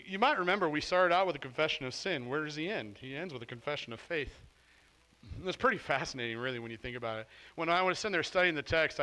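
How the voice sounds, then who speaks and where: A man preaching a sermon in a relaxed, conversational way, often acting out the voices he quotes. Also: fairly high pitch, rough recording. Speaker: pastor.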